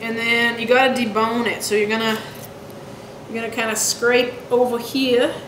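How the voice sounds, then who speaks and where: A woman's voice: on the high side, level tone, moderate pace. A young woman vlogger talking herself through a task in a chatty, casual way. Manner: chatty, self-coaching while working. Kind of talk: casual how-to vlog. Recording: echoey room with background noise.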